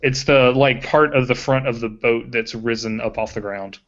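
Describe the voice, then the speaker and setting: A man narrating a tabletop game as game master, casual and halting with frequent fillers. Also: medium pitch, fairly bright tone. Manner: casual, hesitant, many fillers. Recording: muffled lo-fi recording.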